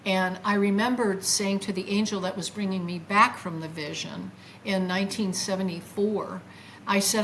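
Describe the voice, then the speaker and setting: An older woman, a guest, tells her own story with feeling and acts out her past words in a lively voice. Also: mid-range voice, moderate pace, slight background noise, poor audio. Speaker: guest recounting a near-death experience. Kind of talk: emotional first-person storytelling.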